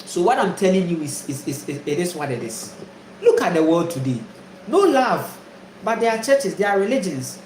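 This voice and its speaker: Emphatic high-voiced man preaching. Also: big pitch swings, normal speed, a little mellow, roomy sound, a little hiss or hum, poor audio. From Ghana. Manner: emphatic, repetitive, rhetorical questions. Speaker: spiritual teacher. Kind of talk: preaching monologue.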